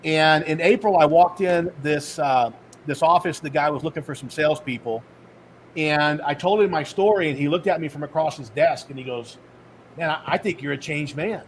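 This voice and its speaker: Animated middle-aged man telling his story. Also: a little high, normal speed, slight background noise, low-quality recording. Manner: animated storyteller acting out dialogue. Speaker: podcast guest, author and speaker. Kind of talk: storytelling in a podcast interview.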